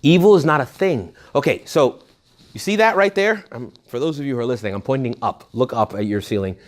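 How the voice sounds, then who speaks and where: Priest guy doing a retreat talk, chatty and animated, keeps asking the room questions, mid pitch. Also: fast. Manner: animated and conversational, jumping between questions, jokes and asides; rhetorical questions directed at the audience. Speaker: Catholic priest leading a retreat. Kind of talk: informal retreat talk to young adults.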